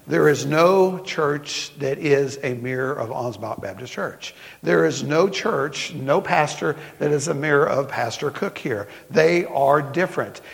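A middle-aged man with a Southern accent, preaching a sermon as pastor in folksy storytelling style, slowing down for emphasis. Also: fairly high pitch, creaky. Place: church sanctuary. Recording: long hall reverb.

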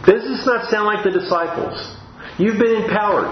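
A man's voice: high voice, lively intonation, moderate pace, slight background noise. A man preaching a sermon in a church, earnest and given to restarts and repeated words. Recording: roomy, dull-sounding recording.

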